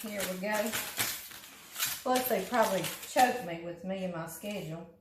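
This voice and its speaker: A woman's voice: medium pitch, moderate pace, noisy background. Folksy southern lady talking thru a recipe in her kitchen, chatty, roomy echo. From Louisiana. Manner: chatty, folksy, laughs often, calls food "him". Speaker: home cooking show host. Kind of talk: casual cooking demonstration. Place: home kitchen.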